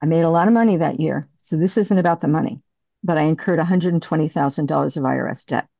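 A middle-aged woman giving a candid, halting personal recovery share as a speaker. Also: deep voice, vocal fry, warm tone, no echo, dull audio.

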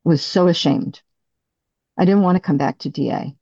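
A middle-aged woman giving a candid, halting personal recovery share as a speaker. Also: low-pitched, creaky, warm tone, breathy edge, dry recording, dull audio.

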